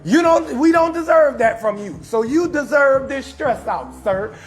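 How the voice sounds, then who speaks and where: A New Orleans comedian with the city's accent hosts a live stream, roasting someone in a loud, profane rant punctuated by shouted bursts. His voice is extremely high-pitched and expressive, yet he takes his time, with faint music playing in the background.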